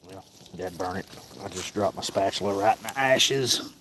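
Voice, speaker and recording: Man, low-pitched, folksy livestream host, faint hiss behind. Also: normal speed. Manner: talks softly to cats, folksy and easygoing. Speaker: cat sanctuary livestream host. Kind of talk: casual livestream chat. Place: outdoors by a cooking fire.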